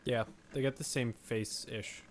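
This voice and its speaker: A man's voice: medium pitch, fairly even intonation, a little slow, a crowd in the background. A man co-hosting a pop-culture podcast, speaking in a laid-back, casual way. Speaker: podcast co-host. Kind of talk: casual chat.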